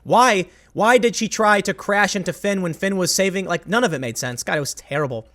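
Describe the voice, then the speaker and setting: A man with a high, fairly quick voice that sounds pushed and bright hosts a rambling, opinionated commentary monologue. He keeps stopping and restarting his sentences, coming across as self-interrupting and emphatic.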